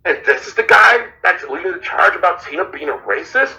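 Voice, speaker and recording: A man's voice: sits high, expressive, fairly quick, vocal fry, pushed and bright, low-quality recording. A man in a played clip ranting heatedly, blunt, profane and mocking. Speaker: online commentator in a played clip. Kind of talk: heated rant.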